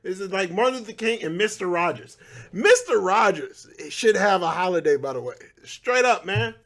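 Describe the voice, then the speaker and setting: Hosting his own podcast, a man in his thirties speaks in a high, slightly bright voice with lively intonation at a moderate pace. His solo commentary is relaxed, sprinkled with laughing asides and frequent restarts.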